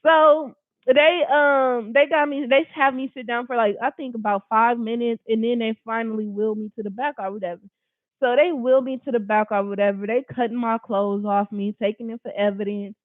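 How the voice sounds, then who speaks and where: A woman's voice: a little high, steady tone, fairly quick, no echo. A woman telling a personal story in a casual storytime style, blunt, emphatic and full of profanity. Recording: tinny phone-like dry recording.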